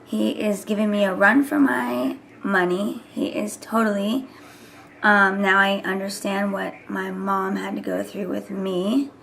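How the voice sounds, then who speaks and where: A woman's voice: medium pitch, steady tone, unhurried, creaky, fairly bright tone, slight background noise. A woman in her thirties chatting casually to camera as a vlogger, rambling and sometimes dropping into whispers. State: voice recovering from hoarseness. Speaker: vlogger and mother.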